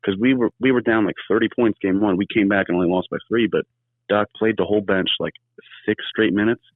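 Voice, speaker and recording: A man calling in to a casual sports chat, telling rambling, animated stories. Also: on the low side, brisk, no room sound. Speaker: caller. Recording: tinny phone line.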